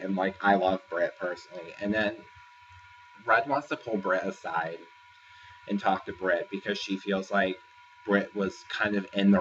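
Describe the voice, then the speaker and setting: Man, casual reality-show recapper, lower voice, bright tone, rambling delivery. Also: slight background noise. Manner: rambling, filler-heavy retelling. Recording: distant, dull lo-fi sound with faint ambience.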